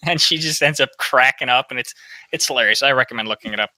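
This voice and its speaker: Bright-voiced opinionated male podcast host. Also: mid-range voice, fairly even intonation, brisk, no room sound, low-quality recording. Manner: opinionated, peppers talk with "right?". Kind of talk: casual political commentary.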